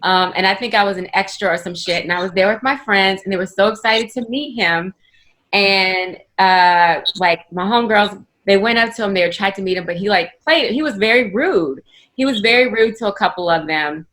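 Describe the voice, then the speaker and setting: A woman in her thirties, a comedian, telling a story in a chatty, animated way over a video call. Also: mid-range voice, moderate pace. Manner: chatty, animated, lots of "like" and "you know".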